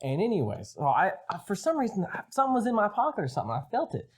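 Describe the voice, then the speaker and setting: A young man chatting on a casual podcast, his voice bouncing up and down a lot as he spins a rambling, swear-filled story. He sits a bit higher than most men. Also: wildly swooping pitch, racing, husky. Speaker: podcast co-host. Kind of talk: casual chat.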